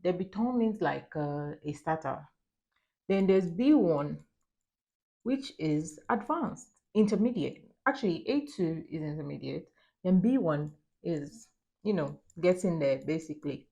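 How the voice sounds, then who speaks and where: A young woman, chatting through a get-ready-with-me video in an animated, storytelling way with frequent laughs. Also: lowish voice, measured pace, creaky. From Nigeria. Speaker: lifestyle vlogger. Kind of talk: casual get-ready-with-me chat.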